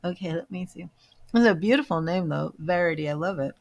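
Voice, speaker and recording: A psychic medium runs a live-stream reading, her fairly low voice moving a little quickly. Chatty and entertained by her own remarks, she names people for her viewers and now and then drops into hushed asides.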